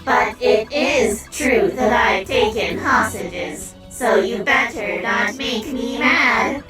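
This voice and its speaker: A woman's voice: a little high, animated, slow pace. An actress voicing a scornful, gloating woman who controls robots, in a game cutscene. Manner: mocking, gloating. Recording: distant echoey game audio with music.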